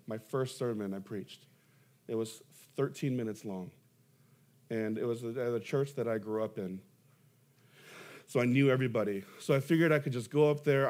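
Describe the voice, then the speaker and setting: Young male pastor, mid-pitched, preaching with lively, self-deprecating stories and emphatic peaks. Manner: animated storytelling, self-deprecating humor, emphatic rises. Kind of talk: sermon.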